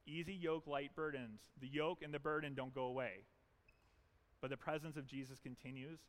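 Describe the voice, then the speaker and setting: Man, pastor, church sermon, earnest, emphatic, repetitive phrasing, medium pitch. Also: fairly even intonation, normal speed.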